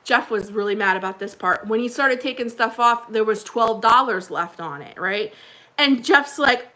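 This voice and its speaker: A woman's voice: a little high, moderate pace, pushed and bright. A woman hosting a casual livestream, chatting with viewers in a rambling way and laughing often. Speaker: livestream host.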